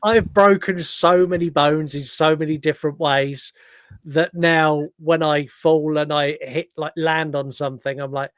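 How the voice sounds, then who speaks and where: A man hosting a podcast, chatting casually about films, with quick restarts and the odd swear. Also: fairly high pitch, fairly even intonation, a bit bright, no echo. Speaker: podcast host. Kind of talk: casual film-review chat.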